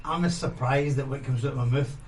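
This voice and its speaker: A Scottish man on a prison radio team, chatting bluntly and with some swearing in a casual, animated way. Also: mid-range voice, a little fast, noisy background. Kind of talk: casual chat.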